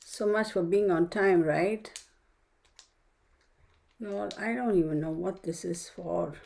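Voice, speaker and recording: A woman's voice: lowish voice, slow, gravelly, a little mellow, poor audio. A woman hosting a casual live stream from home on a phone, chatty and muttering to herself as she sets things up. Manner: chatty, mutters to herself while fiddling with setup. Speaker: livestream host.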